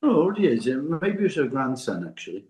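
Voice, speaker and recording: A man's voice: medium pitch, big pitch swings, quick pace, a little mellow, low-quality recording. An older man chatting casually with a friend, rambling and restarting his sentences often. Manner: rambling, hesitant, full of restarts and asides. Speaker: podcast co-host. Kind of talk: casual chat between friends.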